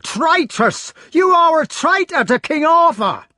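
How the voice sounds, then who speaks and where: A jealous knight in fury, screeching high accusations, close dry recording. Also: male voice, big pitch swings, a little slow, dry recording, exaggerated voice. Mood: raging. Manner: shrill raging yells. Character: jealous furious medieval knight, man, middle-aged.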